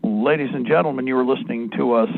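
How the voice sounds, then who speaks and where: A man's voice: medium pitch, fast, creaky. A man hosting a talk radio show, speaking in a rambling, digressive monologue full of asides. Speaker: radio host. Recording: narrow phone-like band, dry.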